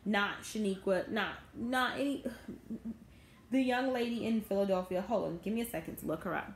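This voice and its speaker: A woman's voice: mid-range voice, moderate pace. A woman, ranting to her viewers in a bitter, indignant vlog. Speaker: vlogger. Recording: echoey room, faint background noise.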